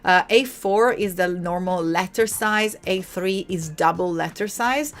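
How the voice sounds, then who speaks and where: A woman's voice: fairly low pitch, measured pace. A young woman with an Italian accent, hosting a casual live design tutorial and chatting with viewers. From Italy. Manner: chatty, lively, talks to viewers in chat. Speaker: livestream host.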